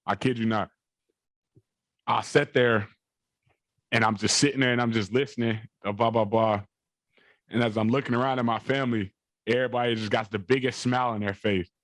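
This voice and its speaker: A man's voice: mid-range voice, fairly even intonation, fairly quick, long pauses, a bit bright, dry recording. A young adult man, a college football player, telling a long rambling story in an interview, repeating phrases and leaning on fillers.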